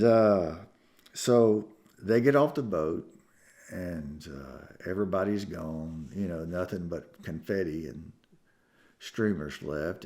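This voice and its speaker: A man preaching a sermon, telling a story with emotion and swinging from hushed tones to loud climaxes. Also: sits low. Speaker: pastor. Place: church sanctuary.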